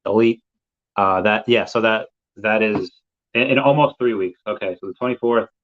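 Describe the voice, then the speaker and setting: A man's voice: lowish voice, steady tone, moderate pace. A man hosting a live podcast, chatting casually and rambling with many fillers as he reads comments. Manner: rambling, laid-back, lots of fillers. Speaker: podcast host. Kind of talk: casual live-stream chat. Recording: dull lo-fi stream audio.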